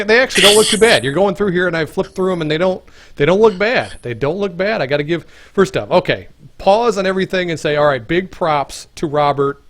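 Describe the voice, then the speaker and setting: A man's voice: fairly high pitch, a bit bright. A man hosting a game development livestream in casual chat, rambling with many fillers and restarts.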